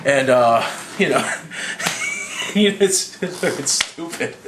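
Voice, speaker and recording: A man's voice: slow pace, background noise. A slightly drunk young man casually recapping a movie, swearing freely and acting out lines in a raised voice. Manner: profane, excitable, acts out quotes in a higher voice. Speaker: movie reviewer.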